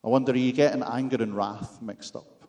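A man's voice: mid-range voice, fairly even intonation, fairly quick, dark tone. A man with a Scottish accent preaching a sermon, with wry, self-deprecating humor and rhetorical questions to the congregation.

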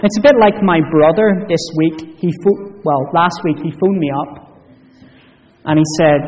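A man's voice: a little high, unhurried, far from the mic, slight background noise, rough recording. Man telling a story to a congregation. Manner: animated storyteller who asks the audience questions. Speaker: preacher. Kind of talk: children's talk in a church service.

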